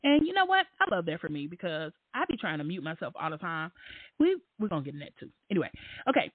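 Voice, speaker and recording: A woman hosting a casual call-in show who talks in a slangy, animated, candid way and swears freely. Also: fairly low pitch, a little fast, slightly rough, no echo. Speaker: podcast host. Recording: dry, tinny phone-like line.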